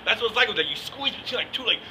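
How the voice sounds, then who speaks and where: A man's voice: high voice, expressive, rapid-fire, background noise. A young man, rambling through a casual comic rant with many "like"s and "I mean"s. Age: young adult. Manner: rambling, joking, full of "like" and "I mean". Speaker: yeshiva student comic.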